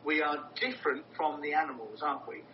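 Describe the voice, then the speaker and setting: A man preaching a sermon in an earnest, emphatic way, often repeating words for stress. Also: brisk. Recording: roomy, distant, dull with low rumble.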